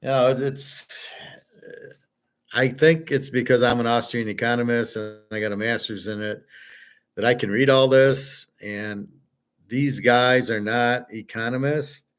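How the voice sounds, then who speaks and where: A man's voice: medium pitch, steady tone, a little slow, clear, resonant tone. A middle-aged man giving casual, rambling commentary over a played video, blunt and joking.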